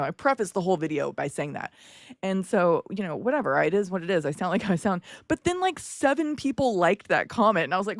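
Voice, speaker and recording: Woman, content creator, chatty, lively pitch jumps, slightly low voice, dry close recording. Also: no echo. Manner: animated storytelling with big pitch swings and laughs. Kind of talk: casual live-stream chat.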